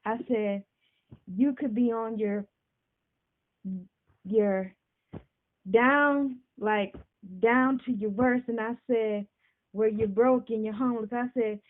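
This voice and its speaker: A woman hosting a podcast, talking casually and warmly about friendship, often asking "you know what I'm saying". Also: a little high, fairly even intonation, takes it slowly, pauses often. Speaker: podcast host. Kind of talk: casual talk to camera. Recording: tinny phone-like sound.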